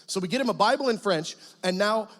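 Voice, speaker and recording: A guest pastor tells his testimony from the pulpit, high-pitched for a man. He tells it as an animated story and breaks into excited, shouted quotes. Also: fast talker. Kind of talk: testimony sermon.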